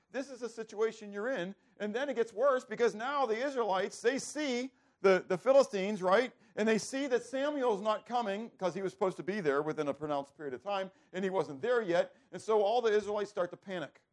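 A man preaching a sermon who keeps asking the listeners questions and answering them himself, often repeating words as he starts over. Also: sits high. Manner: animated, asks rhetorical questions and answers them. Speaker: preacher teaching a Bible passage.

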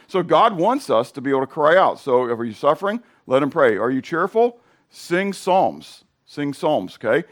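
A middle-aged male pastor with a hoarse voice, preaching in a casual, conversational way and questioning his congregation. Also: mid-range voice. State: hoarse from sinus drainage. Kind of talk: sermon.

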